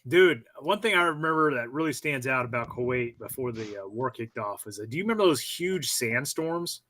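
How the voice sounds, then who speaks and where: A man hosting a casual interview, a Marine veteran who stops to explain things for his listeners in a relaxed way. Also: mid-range voice, fairly quick, a little hiss or hum, rough recording. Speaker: podcast host, Marine veteran.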